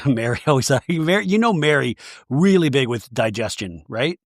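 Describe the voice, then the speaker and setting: Male podcast host recapping TV with a campy, sarcastic delivery. Lively pitch, dry close sound. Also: normal speed, no room sound. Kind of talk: comedic TV recap.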